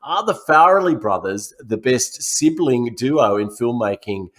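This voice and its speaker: A man's voice: medium pitch, lively intonation, a little slow, a bit bright. A man co-hosting a casual film podcast, presenting his segment in a loose, jokey, swearing way. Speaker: podcast co-host.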